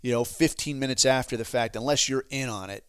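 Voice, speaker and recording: A man's voice: mid-range voice, fairly quick, smooth, no room sound. Male podcast host, heated profane rant delivery, mid-range voice, dry room. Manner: heated, swearing constantly, sarcastic asides.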